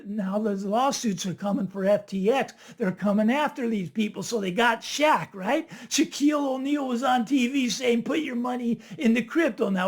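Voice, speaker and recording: A man hosting his own finance channel, talking to camera in a casual, animated monologue and tagging his points with "right?". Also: extremely high pitch. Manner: animated, chatty, keeps asking "right?". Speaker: finance video host.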